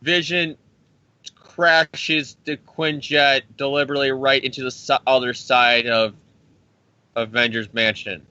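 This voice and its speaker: A man's voice: medium pitch, fairly even intonation, unhurried, sharp tone, smooth, no echo, lo-fi sound. A man hosting a comics podcast, recapping a storyline in a profane, sarcastic way and stumbling over restarts. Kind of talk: casual comic recap with put-on voices.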